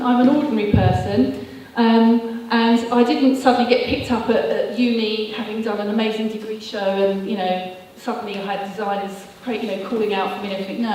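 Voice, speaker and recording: A woman's voice: on the high side, darkish tone, a little hiss or hum. A woman giving a chatty, earnest motivational talk with slides, full of fillers and restarts. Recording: echoey hall, voice heard from far off.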